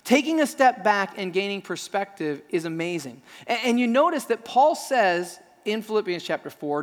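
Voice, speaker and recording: A man's voice: high-pitched, lively intonation, brisk, hardly any pauses, big-room sound. A man preaching a sermon to his congregation, telling stories with self-deprecating humor. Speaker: pastor.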